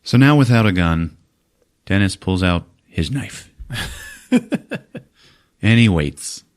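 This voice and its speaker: A man hosting a podcast, retelling a movie in profane, animated casual chat. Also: deep voice, slow. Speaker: podcast host.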